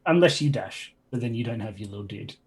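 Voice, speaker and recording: A man running a tabletop game as game master, chatty and quick to laugh between rulings. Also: mid-range voice, expressive.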